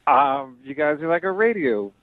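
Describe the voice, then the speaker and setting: A man's voice: a little high, big pitch swings, moderate pace. A man answering a call from a radio show, hesitant and caught off guard. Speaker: called guest. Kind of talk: phone conversation. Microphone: phone. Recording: tinny phone line.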